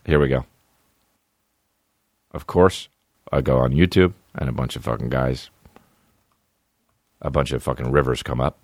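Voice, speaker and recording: A comedy podcast host with a rumbling low voice speaks unhurriedly in a steady tone, pausing often, in a studio-quality recording with no room sound. His comic chat is crude and rambling, full of profanity and mockery, shifting from mumbles to outbursts.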